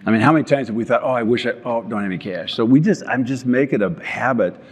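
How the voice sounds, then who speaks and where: A man's voice: mid-range voice, fast talker, slightly rough. An older man, a company founder, giving an earnest storytelling talk on stage and often restarting his words. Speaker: company founder speaking at an event. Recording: long hall reverb.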